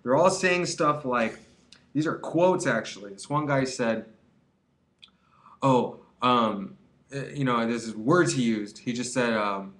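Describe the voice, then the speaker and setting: A young man with an ordinary mid-pitched voice gives casual advice straight to camera. He rambles and pushes his points hard, stumbling through fillers and restarted sentences. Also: slow, a bit bright. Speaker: vlogger giving quit-weed advice. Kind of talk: casual advice vlog monologue.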